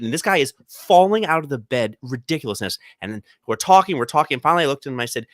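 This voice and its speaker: Lively, bright-voiced man telling stories. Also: fairly high pitch, fast talker, hardly any pauses, no room sound, clean studio sound. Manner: animated storyteller, jumps into quoted voices. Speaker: podcast co-host. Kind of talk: casual chat. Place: podcast studio.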